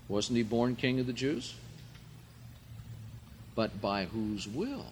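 A man preaching a sermon, reading scripture aloud and explaining Greek words, rising in pitch and volume for emphasis. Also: sing-song, a little slow, a bit bright, a little hiss or hum.

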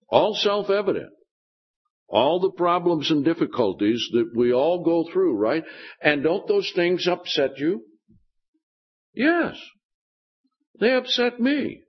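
A man's voice: fairly high pitch, sing-song, takes it slowly, pauses often, muffled recording. A man preaching a sermon, often turning to the congregation with questions. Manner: keeps asking the congregation questions.

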